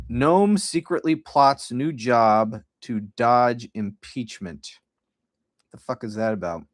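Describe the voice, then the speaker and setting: A man's voice: medium pitch, no room sound, clean studio sound. A middle-aged man hosting a political podcast livestream, ranting bluntly and profanely with frequent restarts.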